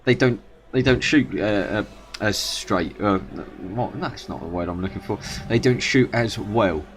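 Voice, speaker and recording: A man's voice: on the low side, a little slow, slight background noise. A man casually commentating his own strategy game match, rambling and correcting himself as he goes. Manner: rambling, self-correcting, chatty. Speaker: gaming YouTuber. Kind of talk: gameplay commentary.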